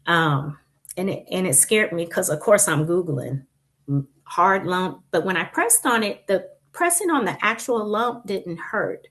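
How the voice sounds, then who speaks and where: A woman guest on a panel, telling her own patient story in a chatty, lively way. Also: fairly low pitch, measured pace. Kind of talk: casual panel discussion.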